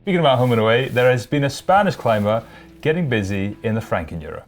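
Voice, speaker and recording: Man co-host, climbing news, conversational, mid pitch, faint music bed. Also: lively intonation, quick pace. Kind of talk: news show banter and read reports.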